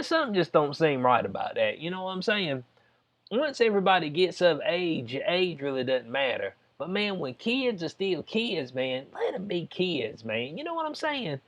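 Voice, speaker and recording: A man's voice: high-pitched, lo-fi sound. A man with a Southern US accent talking loosely over a news story, reading bits aloud and peppering his talk with "you know what I'm saying.". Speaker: vlogger commenting on news.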